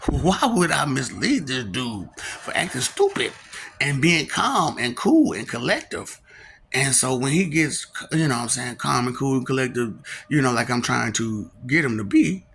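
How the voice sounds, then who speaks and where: A man's voice: a little high, vocal fry, a bit bright, a little hiss or hum. A man rambling through a comic monologue, teasing with rhetorical questions, repeating phrases and laughing between lines. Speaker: vlogger.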